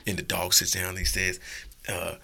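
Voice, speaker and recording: A man giving blunt, profane, animated opinions as a guest in a casual podcast chat. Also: low voice, normal speed, creaky, slight background noise.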